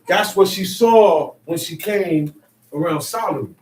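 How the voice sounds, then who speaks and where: A man leading a bible study, emphatic and animated, acting out quotes and sometimes shouting. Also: high-pitched, measured pace. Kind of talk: animated spoken teaching. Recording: echoey room, mic far off, faint noise.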